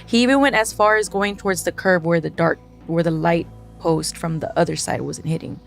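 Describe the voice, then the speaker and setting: A young woman, a podcast guest, telling a personal scary story in a casual, animated way, often laughing and acting out what people said. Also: lowish voice, a little fast, vocal fry, faint music behind.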